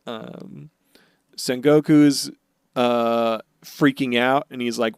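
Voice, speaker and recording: A young man on a casual podcast, talking through a story with lively energy and breaking into squeaky character voices now and then. His voice is smooth and resonant, with a dry, close sound and no room around it. The pitch sits in an ordinary middle range for a man. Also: takes it slowly, no room sound. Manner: animated recapper who acts out characters in high silly voices. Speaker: podcast co-host.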